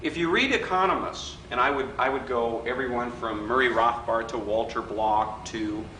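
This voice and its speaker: A middle-aged man giving a live workshop lecture in a hotel function room, an animated, wisecracking storyteller who mimics the people in his stories. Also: mid-range voice, normal speed. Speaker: workshop speaker. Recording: roomy hall recording with faint background noise.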